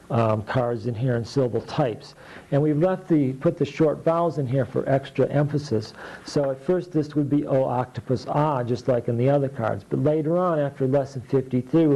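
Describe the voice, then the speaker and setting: A man teaching phonics, slowly sounding out letters, keywords and blends and patiently explaining how to shape each sound. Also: mid-range voice, dark tone, rough recording. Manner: patient, deliberate, explains mouth positions. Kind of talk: slow instructional drill of letter sounds. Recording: faint background noise.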